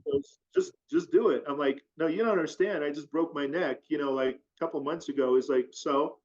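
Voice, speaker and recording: Speaking briskly in a higher register, a man tells a lengthy personal story as an interview guest. The retelling is animated, rambling and heavy with fillers, and the audio is dull and lo-fi.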